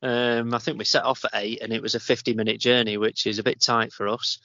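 This Northern English man hosts a podcast and tells a story in a rambling, chatty way. His voice is bright and forward, with a dry sound that has no room echo. The recording sounds dull and a bit lo-fi. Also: medium pitch, little pitch movement, fast. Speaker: podcast host. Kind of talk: casual chat.

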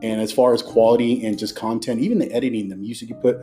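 A man's voice: mid-range voice, steady tone, fast, dark tone, faint music behind. A man hosting a podcast in casual, chatty talk, effusive and full of loose restarts. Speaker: podcast host.

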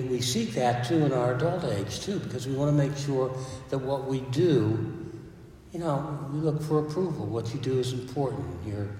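A man's voice: medium pitch, dark tone, slight background noise. A man, a priest, giving a sermon in a church in a conversational way, with asides and restarts. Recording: echoey church from far off.

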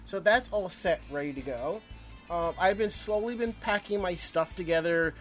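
A man's voice: high-pitched, moderate pace, faint music behind. A man hosting a casual podcast, chatting in a rambling way with friendly asides. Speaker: podcast host. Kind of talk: casual chat.

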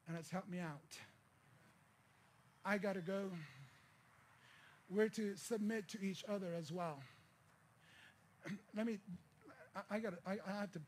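A middle-aged Filipino pastor with a high-pitched voice preaches a sermon built around a personal story. His delivery swells into shouted, pleading passages, with slight background noise audible.

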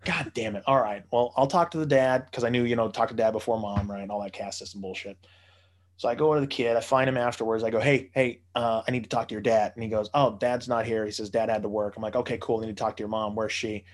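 A man telling a casual anecdote, animated, swearing freely and acting out the voices of the people he quotes. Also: lowish voice, quick pace. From United States.

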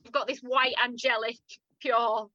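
Northern English woman, lively podcast co-host, bright sound, slightly muffled dry recording. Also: fairly high pitch, measured pace, no room sound. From northern England. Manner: animated, laughing often, acting out quotes. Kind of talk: casual chat recapping a TV drama.

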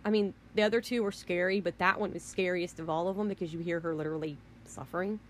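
A woman's voice: lowish voice, steady tone, quick pace, a little hiss or hum. A woman vlogger delivering a rant, emphatic and rambling, who keeps repeating herself. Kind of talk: ranting monologue.

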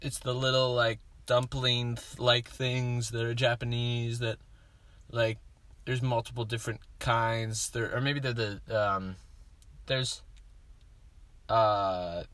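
A man's voice: medium pitch, flat delivery, takes it slowly, a bit bright, dry recording. A young man co-hosting a casual podcast from inside a hot car, hesitant with frequent ums. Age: young adult. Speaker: podcast co-host. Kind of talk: casual chat.

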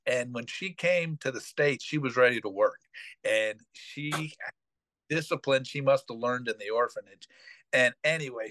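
A man's voice: medium pitch, dry recording. A middle-aged man hosting a podcast, telling a family story casually, rambling with fillers and restarts. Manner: rambling, full of fillers and restarts, animated retelling. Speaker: podcast host.

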